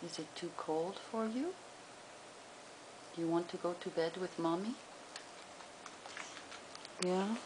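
A woman's voice: low-pitched, noisy background. A woman at home, talking to her pet in cooing, coaxing baby talk. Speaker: pet owner. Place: home indoors.

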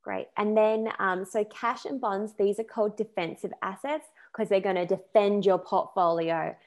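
Woman, money coach, gravelly middle-pitched voice, relaxed chatty delivery. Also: moderate pace. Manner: chatty, loose, with fillers. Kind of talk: presenting a finance talk.

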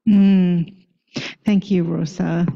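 A woman's voice: on the low side, little pitch movement, vocal fry, dull audio. Candid woman author in her sixties. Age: 60s. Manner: candid, halting, with frequent restarts. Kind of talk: book talk with slides.

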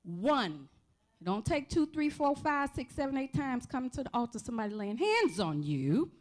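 A woman preaching a sermon in a church, calling out to the congregation for responses with shouts of praise. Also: on the high side. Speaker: pastor. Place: church sanctuary.

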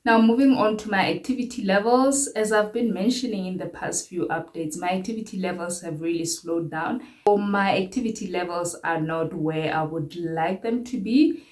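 A woman's voice: medium pitch, normal speed, darkish tone. A young South African woman giving a candid, rambling update to her viewers and often repeating her phrases. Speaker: vlogger.

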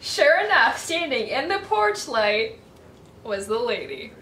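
A woman's voice: a little high, slow, far from the mic. Sing-song woman reading a picture book. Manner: sing-song, expressive storytelling. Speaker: storytime host. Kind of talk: children's picture-book read-aloud. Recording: echoey room, voice from off-mic, faint hiss.

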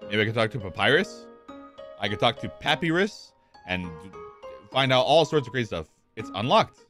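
Bright-voiced young man rambling and joking over a game, swoopy, faint game music. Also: medium pitch, normal speed. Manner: animated, swears casually, jokes. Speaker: streamer. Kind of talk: live gameplay commentary.

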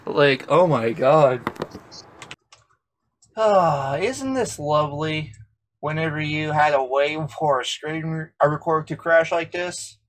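A man's voice: on the high side, steady tone, moderate pace, few pauses. A teenage boy chatting casually and joking with friends on a gaming call, laughing often. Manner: giggly, joking, playful. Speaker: vlogger on a call.

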